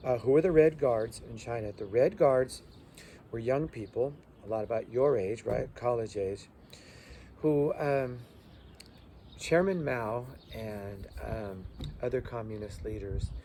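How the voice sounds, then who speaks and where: A man's voice: mid-range voice, mellow, a little hiss or hum. A male teacher giving a loose review lecture full of fillers, stopping to spell out terms letter by letter. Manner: loose, halting delivery with many fillers.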